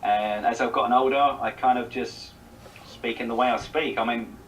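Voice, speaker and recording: A chatty man with a South East English accent, answering as a guest in a relaxed conversation. His voice sits a little away from the mic, with a faint hiss underneath, and his pitch is mid-range for a man. He rambles and repeats words as he goes. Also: normal speed, distant mic, low-quality recording. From South East England. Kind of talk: casual chat.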